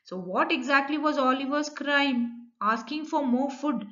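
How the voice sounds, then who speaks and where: A woman's voice: high voice, measured pace, bright, forceful tone, muffled recording. A woman teacher with an Indian English accent who reads a story aloud and then explains each line in simple words.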